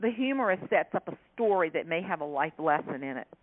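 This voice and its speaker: A woman's voice: on the low side, a little fast. Laughing woman humorist on a phone line. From South Carolina, US. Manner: animated, laughing storyteller. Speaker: author and humorist guest. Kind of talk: storytelling interview chat.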